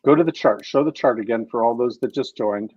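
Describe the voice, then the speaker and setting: A man hosting a casual crypto livestream, excitable and swearing freely as he talks to viewers. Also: mid-range voice, a little fast, no echo, dull audio. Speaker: livestream host.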